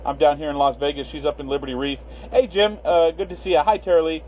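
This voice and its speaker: A man's voice: on the high side, fairly even intonation, fast. A man hosting a casual livestream, rambling with many fillers and greeting viewers by name. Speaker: livestream host. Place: Las Vegas. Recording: tinny phone-line sound, faint hiss.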